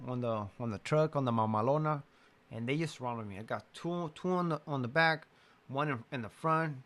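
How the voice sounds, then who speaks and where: A young man casually telling a personal story in an animated way, laughing at times and often restarting his sentences. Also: medium pitch.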